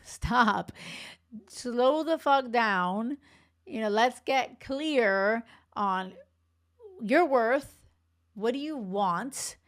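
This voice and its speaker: Woman, forties, dating coach, podcast host, casual monologue, blunt, swears a lot, higher voice. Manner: blunt, swears freely, fast asides with laughs.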